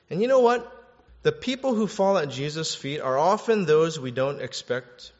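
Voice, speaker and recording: A man preaching a sermon in a lively, conversational way, acting out quotes and repeating words as he goes. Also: fairly high pitch, moderate pace. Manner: animated, conversational, acts out quotes, restarts words. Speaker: pastor. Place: church hall. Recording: echoey hall, dull sound.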